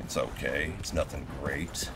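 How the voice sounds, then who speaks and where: A man's voice: very deep voice, unhurried, gravelly, background noise. A man streaming a game live, chatting easily and thanking viewers as he plays, talking into a headset. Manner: easygoing, thanking viewers as they go. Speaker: gaming streamer. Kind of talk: live gameplay commentary. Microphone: gaming headset. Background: game music and hoofbeats.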